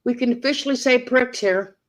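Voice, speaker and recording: A woman's voice: a little high, a little fast, poor audio. A woman hosting a casual livestream, blunt and salty, greeting viewers by name. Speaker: livestream host.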